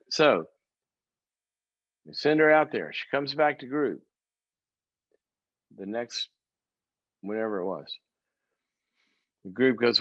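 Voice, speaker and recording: Low male speaker, animated storyteller who acts out voices, dry muffled recording. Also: no room sound. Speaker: psychologist and speaker. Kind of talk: storytelling talk.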